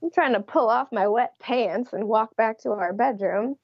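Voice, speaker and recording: A woman's voice: a little high, moderate pace, breathy edge, no echo, muffled recording. A young adult woman, an interview guest, telling her story in a casual way and laughing often. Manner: laughs often while recounting.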